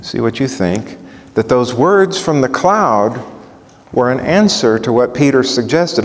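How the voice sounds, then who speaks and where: A man's voice: mid-range voice, unhurried. A male preacher teaching from the Bible, asking questions as he goes. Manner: animated, asks the audience questions. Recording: echoey hall.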